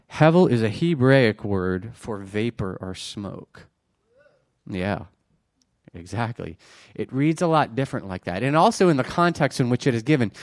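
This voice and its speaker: A man in his forties talking to his congregation more like a friend than a preacher. He jokes at his own expense and keeps things chatty. His voice sits at an ordinary middle pitch, captured dry and close with no room sound. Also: no room sound. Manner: joking, self-deprecating, chatty. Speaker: pastor. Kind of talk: conversational sermon. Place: church before a congregation.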